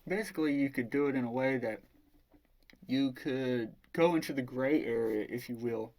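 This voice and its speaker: A man's voice: medium pitch, moderate pace, darkish tone. A man casually retelling a novel's plot as a book reviewer, rambling and swearing freely.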